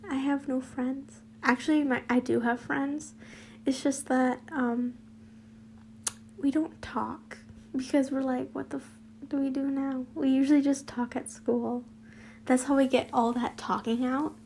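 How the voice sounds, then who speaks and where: A woman's voice: high voice, fairly even intonation, a little slow, darkish tone, slight background noise. A young woman reading her fanfiction aloud, breaking off into rambling, giggly, self-deprecating chat and whispered asides. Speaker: fanfiction reader and vlogger. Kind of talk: casual story reading with chatty asides.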